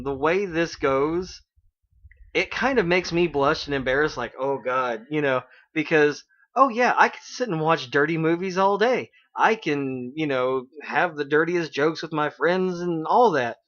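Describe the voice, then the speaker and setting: A man's voice: a little high, a bit bright. A man hosting a casual internet radio show, retelling an anime episode with lots of "like" and "you know". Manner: chatty retelling with many fillers. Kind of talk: casual anime recap chat. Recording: dull lo-fi internet radio stream.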